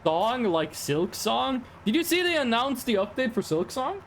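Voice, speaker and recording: A man's voice: extremely high pitch, big pitch swings, unhurried, slight background noise. A young man from Norway, a native Norwegian speaker, chatting casually and rambling to his live-stream viewers while he plays. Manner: rambling, chatty, talks straight to chat.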